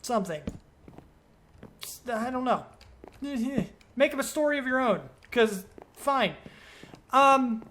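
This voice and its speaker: A man's voice: very high voice, animated, takes it slowly, long pauses, fairly bright tone, a little hiss or hum. A man giving let's play commentary as a gaming video creator, rambling and thinking aloud as he questions himself.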